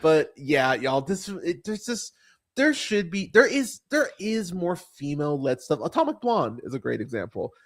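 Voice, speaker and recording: A man hosting a casual movie podcast, rambling and swearing freely, full of fillers and restarts, and turning animated when he mocks what he saw. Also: a little high, moderate pace. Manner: animated when mocking characters. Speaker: podcast host. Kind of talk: casual movie review chat.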